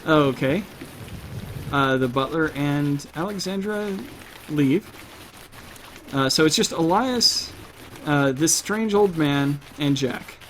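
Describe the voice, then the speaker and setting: Guy running a tabletop game, kinda high voice, uh's everywhere, faint rain in the back. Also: lively intonation, takes it slowly, pauses often, slight background noise. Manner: casual, laughs at himself, many fillers. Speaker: game master.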